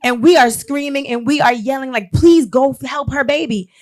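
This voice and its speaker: Animated, high-voiced woman storyteller. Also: moderate pace. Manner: animated storyteller acting out quotes. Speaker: guest. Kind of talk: casual chat.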